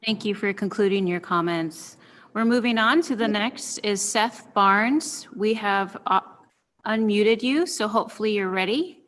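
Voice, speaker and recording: A woman moderating a public meeting over a remote call, calling up speakers in a brisk, procedural way. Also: mid-range voice, a bit bright, a little hiss or hum.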